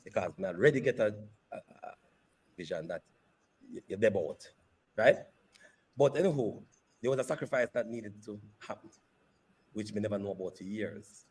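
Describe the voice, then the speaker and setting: A man, a company CEO, telling a personal story in an interview with animated, repeated phrases. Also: lowish voice, moderate pace, long pauses, breathy edge. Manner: animated retelling that repeats phrases and slips into patois.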